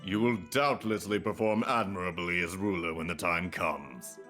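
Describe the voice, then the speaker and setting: A man voicing a fawning villainous prosecutor who flatters the princess with smooth courtroom speech. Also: sits low, normal speed, soft background music. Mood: pompous. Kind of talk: voicing a character in a game playthrough.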